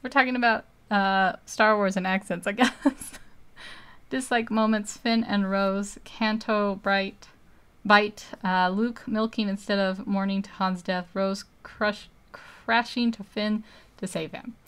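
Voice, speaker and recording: A woman's voice: mid-range voice, fairly even intonation, unhurried, fairly bright tone, clear, resonant tone. A woman live-streaming while she draws, chatting casually and rambling, laughing often between thoughts.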